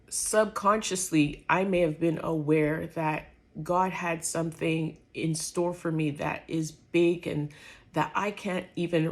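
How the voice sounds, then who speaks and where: A woman giving an earnest, reflective personal monologue about her faith, pausing often with fillers. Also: low voice, vocal fry. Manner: earnest, halting, many fillers. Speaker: speaker sharing a faith testimony.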